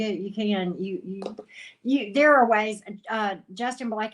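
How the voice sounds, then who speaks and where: A woman, a tarot reader chatting casually on a livestream, calling viewers honey and sweetie and greeting them by name. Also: mid-range voice. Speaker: tarot reader and channel host.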